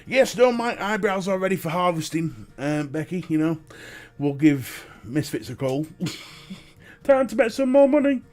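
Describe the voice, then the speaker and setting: A man's voice: high-pitched, very animated, a little slow, a little mellow. A man with a Northern English accent hosting a casual live stream, chatting and greeting viewers and laughing often. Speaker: live-stream host and vape reviewer.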